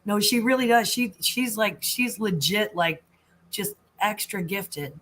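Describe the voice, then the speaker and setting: A woman hosting a casual livestream chat, greeting viewers warmly, her voice worn and husky. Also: mid-range voice, expressive, a little slow, low-quality recording. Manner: chatty, greets viewers with air kisses. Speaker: host.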